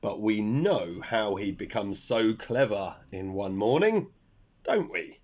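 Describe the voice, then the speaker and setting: Male storyteller for children; unhurried, husky, very lively pitch. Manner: expressive, talks to young listeners. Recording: dull lo-fi recording.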